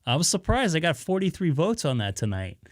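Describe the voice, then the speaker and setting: A man's voice: fairly high pitch, very animated, fairly quick, dry recording, studio quality. Easygoing man rambling on a live stream. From Southern California. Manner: rambling, many "uh" fillers, easygoing. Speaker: ham radio live streamer. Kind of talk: casual live-stream chat to viewers.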